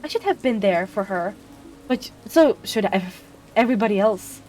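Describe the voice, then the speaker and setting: A woman's voice: mid-range voice, expressive, normal speed, darkish tone, close to an everyday voice. A woman voicing an angry young woman in a video game, ranting bitterly about her hometown. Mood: furious.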